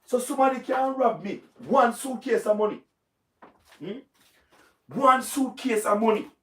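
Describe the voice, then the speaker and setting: A man with a Jamaican accent giving emphatic, repetitive political commentary on a livestream, his voice going hoarse. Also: very high voice, unhurried, a bit bright. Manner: repetitive, emphatic, speaks in patois. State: hoarse, voice wearing out. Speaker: livestream host. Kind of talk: live-stream political commentary.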